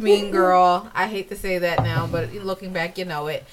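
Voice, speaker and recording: A woman co-hosting a casual podcast chat, telling stories in an animated, laughing way. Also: fairly low pitch, normal speed, few pauses, recorded from a distance, over a noisy crowd. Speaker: podcast co-host.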